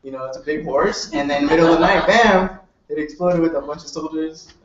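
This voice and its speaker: A man with a slightly high voice talks loosely to a live audience, chuckling through a rambling story. The room is echoey and the sound dull, with a faint hiss behind him. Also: a little fast, distant mic, crowd noise. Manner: laughs easily, loose storytelling. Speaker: co-presenter. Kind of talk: casual explanation to a live audience.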